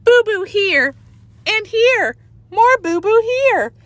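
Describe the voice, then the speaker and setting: Bratty toddler boy, very high baby-talk squeal, read by a woman. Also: sing-song, takes it slowly, fairly bright tone, no echo, heavily acted. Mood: excited.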